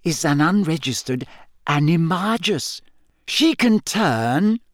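Audiobook: eager, clever teenage witch girl, read by a man, lifted higher, quick and sure of herself, dry booth. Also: expressive, dry recording, natural voice. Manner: eager, brisk and know-it-all. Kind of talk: audiobook character voice.

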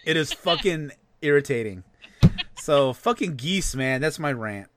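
A young man hosting a podcast, telling rants in a loose, profane, animated way. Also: on the high side, measured pace, background noise. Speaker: podcast host. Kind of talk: casual ranting chat.

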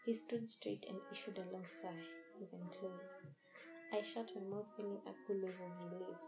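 A woman hosting and reading a scripted horror story in a measured, deliberate storytelling way. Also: medium pitch, fairly even intonation, poor audio. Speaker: story narrator and host. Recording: music playing underneath.

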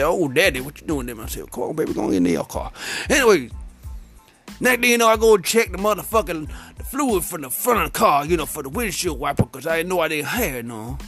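Guy rambling thru a crude funny story, kinda high voice, faint music behind. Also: a bit bright. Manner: profane, rambling, streetwise slang. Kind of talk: comic storytelling monologue.

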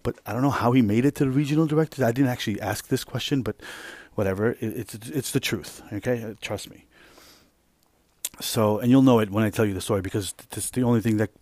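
A man hosting a podcast, telling a rambling, profane workplace story in a casual, animated way. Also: medium pitch, quick pace, no room sound. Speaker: podcast host.

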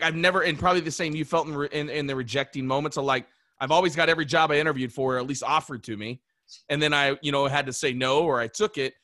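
Bright-voiced man hosting a podcast. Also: mid-range voice, no echo, studio quality. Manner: thoughtful, emphatic, restarts sentences. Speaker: podcast host. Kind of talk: reflective interview conversation.

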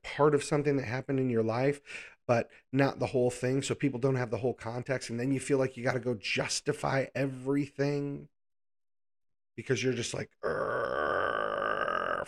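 A man preaching a casual, conversational Bible lesson, asking the listeners rhetorical questions and adding playful asides. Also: medium pitch.

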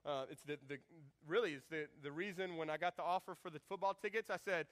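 A man in his thirties preaching a sermon as pastor, animated and joking, acting out quoted lines in shifting voices. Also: on the high side, quick pace, hardly any pauses.

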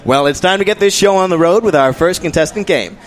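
A man's voice: high-pitched, a little fast. A man acting as game master on a sports quiz show, joking wryly with the host. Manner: wry, animated banter.

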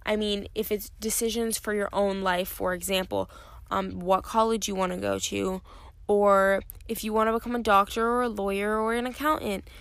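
A woman's voice: medium pitch, gravelly, dry recording. A young woman hosting her own podcast, talking candidly and rambling with many fillers, tired and yawning. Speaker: podcast host. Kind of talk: casual solo podcast talk.

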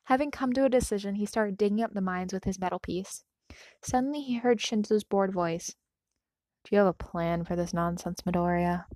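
A woman reading a fanfiction story aloud, then gushing softly about it. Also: medium pitch, dry recording. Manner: gushing, soft-spoken commentary after reading. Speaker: fanfiction reader.

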